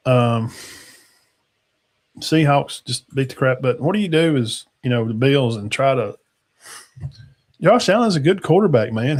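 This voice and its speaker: A man, hosting a casual football talk show in a rambling, folksy way that trails off into mumbles. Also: medium pitch. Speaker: sports talk show host.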